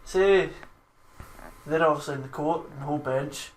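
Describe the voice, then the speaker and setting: A man's voice: a little high, moderate pace, slight background noise. A young man, co-hosting a podcast, who tells stories in a laid-back, sweary way. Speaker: podcast co-host. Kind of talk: casual chat. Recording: echoey room with faint ambience.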